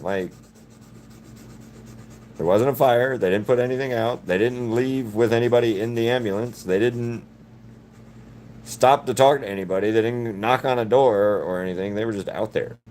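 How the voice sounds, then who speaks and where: Low-voiced man chatting while he paints. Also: darkish tone, a little hiss or hum. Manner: rambling, swears casually. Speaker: artist livestreaming a painting session. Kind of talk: casual chat while painting.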